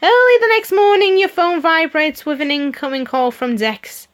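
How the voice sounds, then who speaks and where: A woman's voice: sits high, big pitch swings, moderate pace, soft background music. A woman streamer reading a story game aloud, giggling and adding her own comments between the lines. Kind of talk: reading game dialogue aloud with playful voices.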